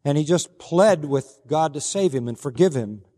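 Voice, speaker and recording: Pastor guy preaching, kinda high voice, big echoey church hall. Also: animated, normal speed. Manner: earnest storytelling preacher, quoting others in a softer voice. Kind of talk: sermon.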